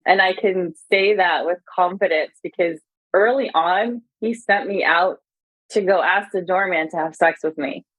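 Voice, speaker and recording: A woman guest in a conversational interview, candidly retelling events with many fillers and animated quotes. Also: on the low side, unhurried, no echo, low-quality recording.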